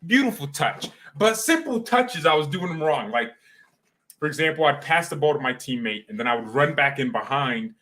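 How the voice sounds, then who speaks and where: A young man chatting casually on a live stream, rambling and excitable, full of slang and quick restarts. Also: a little high.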